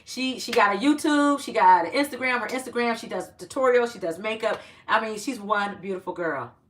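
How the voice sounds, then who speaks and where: A woman's voice: fairly high pitch, brisk, fairly bright tone, far from the mic, a little hiss or hum. A woman hosting a casual livestream, chatting with viewers, greeting them by name and giving upbeat encouragement. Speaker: livestream host. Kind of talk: casual live-stream chat.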